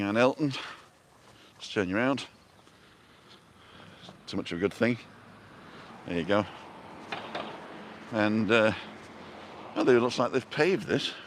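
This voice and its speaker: A man with a fairly low voice hosts a casual live walking vlog from a town street and park. He chats in a rambling way, says hello to viewers by name, and films on a handheld phone, with soft outdoor ambience behind him. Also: a little slow, pauses often, slight background noise. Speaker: vlog host on a live stream.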